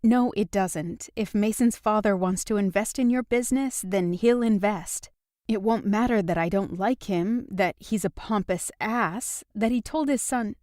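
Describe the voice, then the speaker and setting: Reading audiobook dialogue, a woman voices an angry, upset young woman who is guarded, defensive, sarcastic and sharp-tongued. Her own voice is mid-range, measured and a little mellow, close to an everyday voice, recorded in a clean studio with no echo.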